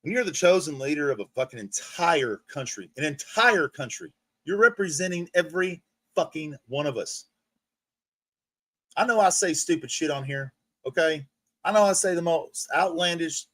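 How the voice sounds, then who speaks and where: A fired-up man on a livestream, swearing constantly and circling back over his own sentences as he rants. His voice sits a bit high, and the sound is close and dry. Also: fairly bright tone, dry recording. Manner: profane, heated, repeats himself with restarts. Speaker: livestream host. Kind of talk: ranting casual monologue.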